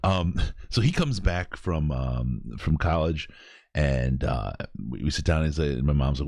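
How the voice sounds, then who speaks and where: A man with an extremely low, deep voice hosts a podcast in easy, laughing chat. His voice sits close and dry on the mic, with no room around it. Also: brisk, dry recording. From Michigan. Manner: laughs often, animated storyteller. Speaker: podcast host. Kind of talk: casual chat.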